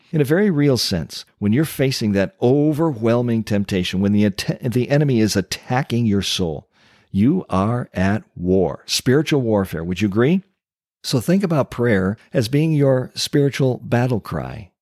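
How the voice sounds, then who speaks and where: A man preaching a sermon, teaching step by step with emphatic pauses and dramatic asides. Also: mid-range voice, animated, darkish tone, no room sound, clean studio sound. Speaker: pastor.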